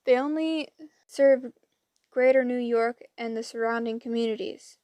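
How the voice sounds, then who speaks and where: Woman playing a confident teen girl, matter-of-fact, slightly high, slow. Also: fairly even intonation, dark tone, no room sound, lightly acted.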